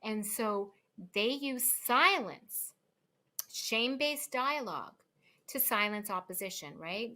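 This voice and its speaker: A woman speaks as a guest lawyer in a relaxed interview. Her voice sits a little high and sounds bright and forceful. She talks with emphatic energy and lots of fillers. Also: measured pace. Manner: animated, emphatic, many fillers. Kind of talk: casual interview chat.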